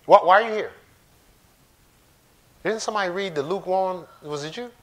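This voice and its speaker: A man's voice: sits high, moderate pace. A man pastor giving a casual, conversational sermon in a church, joking and talking straight to the congregation. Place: church sanctuary.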